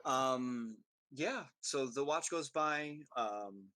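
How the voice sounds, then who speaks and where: A man running a tabletop game as game master, narrating in a halting way full of ums and uhs. The recording is dry and close, with little room sound. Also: mid-range voice, animated, bright, forceful tone, dry recording.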